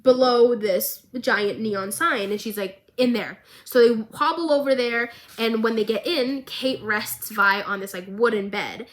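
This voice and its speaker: A young woman vlogger giving a casual, animated recap of a show, with lots of filler words. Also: on the high side, unhurried, hardly any pauses. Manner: animated, chatty, filler-heavy.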